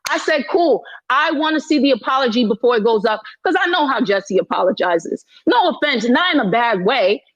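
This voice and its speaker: A high-pitched woman talks heatedly and emphatically in an online audio room, circling back over her points with indignation. The sound is dry and close, with the slightly dull quality of a phone microphone. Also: animated, fairly quick, few pauses, no room sound. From Haitian heritage. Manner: indignant, emphatic, repeats herself. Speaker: guest speaker in an audio chat room.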